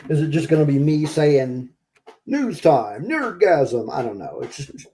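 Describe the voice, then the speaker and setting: A man's voice: fairly high pitch, fairly quick, dark tone, slight background noise. A man co-hosting a live-streamed podcast in casual chat, hesitant, with many ums and restarts. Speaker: podcast co-host.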